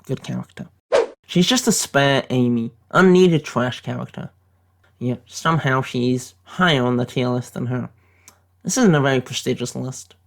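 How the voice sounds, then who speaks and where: Brief: British guy faking an American accent, gravelly, deadpan mock-serious ranking rants. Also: medium pitch, moderate pace. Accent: put-on American accent. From Britain. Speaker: YouTube commentator. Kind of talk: satirical tier-list commentary.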